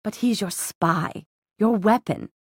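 A woman's voice: mid-range voice, slow pace, husky, dry recording, studio quality. A woman reading a stern, tightly strung female official. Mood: strained insistence. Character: stern rigid middle-aged woman official.

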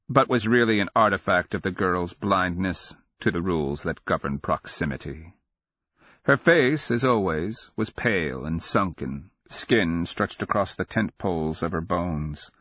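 A man narrating a fantasy audiobook in a measured, dramatic storytelling manner. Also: low voice, fairly bright tone, husky, no room sound, dull audio.

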